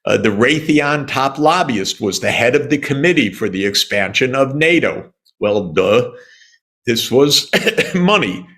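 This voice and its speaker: A man's voice: medium pitch, lively intonation, unhurried, fairly bright tone. An older man from the United States, answering an interviewer in an emphatic, indignant way with sarcastic asides and the odd cough. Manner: coughs at times. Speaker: interview guest, economist.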